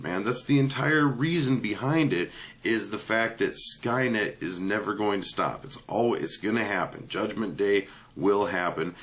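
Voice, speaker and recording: A man's voice: on the low side, fairly bright tone. A man giving a casual, ranting movie review, blunt and profane, with many filler words.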